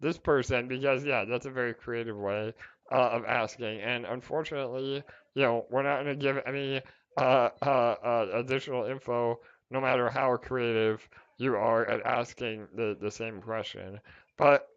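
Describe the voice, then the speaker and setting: A man's voice: medium pitch, steady tone, normal speed, smooth, lo-fi sound. A man hosting a casual livestream Q&A for his project's community, talking in a chatty, reassuring way with lots of fillers and restarts. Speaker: project team host answering community questions. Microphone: online call microphone with glitchy audio.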